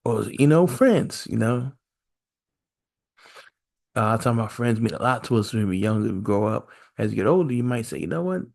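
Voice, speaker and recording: A man's voice: fairly low pitch, steady tone, normal speed, creaky, long pauses, darkish tone. A man hosting a solo podcast, musing aloud in a casual, repetitive way and firing off one rhetorical question after another. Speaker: podcast host.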